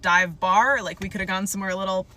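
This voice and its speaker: A woman's voice: medium pitch, fairly even intonation, quick pace, sharp tone, low-quality recording. A woman telling a dating story in a chatty, hesitant, considerate way. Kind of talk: storytime monologue.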